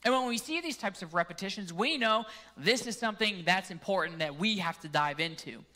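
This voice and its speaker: Male pastor with a Canadian accent, bright and forceful, relaxed and jokey in the pulpit. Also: high voice, brisk. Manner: casual, joking asides. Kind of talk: sermon.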